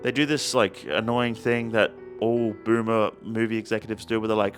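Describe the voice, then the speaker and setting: A man's voice: lowish voice, little pitch movement, moderate pace, hardly any pauses, soft background music. A young man hosting a casual comedic movie review, rambling and profane, with jokey asides and restarts.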